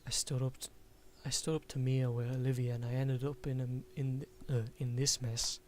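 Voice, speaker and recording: A man's voice: mid-range voice, little pitch movement, normal speed, darkish tone, a little hiss or hum. A man reading a visual novel aloud and commenting, self-deprecating and often restarting words. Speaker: game streamer.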